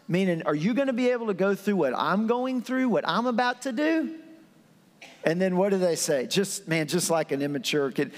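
A man's voice: sits high, expressive, moderate pace, long reverb tail. A man preaching a sermon in a conversational, storytelling way, acting out scenes with his voice. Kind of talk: animated sermon.

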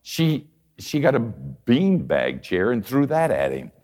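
An older man preaching a conversational sermon, telling folksy stories and swinging from soft asides to emphatic points. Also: medium pitch, wildly swooping pitch, takes it slowly.

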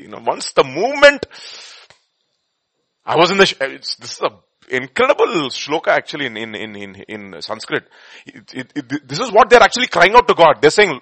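Animated, bright-toned male preacher. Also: a little high, moderate pace, dry recording. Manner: swings from loud emphatic bursts to quiet murmurs; quotes scripture and hymn lines, chuckles between points. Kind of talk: sermon.

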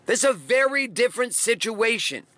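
A man with a high, bright, forceful voice gives a blunt motivational monologue. He drives his points home with repeated phrases. The recording is dry and close. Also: lively intonation, moderate pace, no echo.

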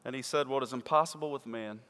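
A man preaching a sermon to his church, swinging from loud emphatic peaks to quiet low asides. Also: fast talker. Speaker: pastor. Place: church sanctuary. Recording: church hall with long reverb.

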